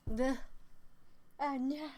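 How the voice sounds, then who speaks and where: A woman live-streaming a game, chatting casually and excitedly with frequent laughs. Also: high voice, drawn-out words, background noise. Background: game music.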